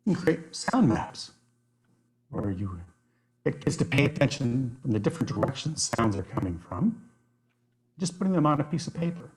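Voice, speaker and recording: A man presenting an online workshop on nature activities, enthusiastic and given to animated storytelling. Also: mid-range voice, normal speed, pauses often, slight background noise. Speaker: outdoor educator, workshop presenter.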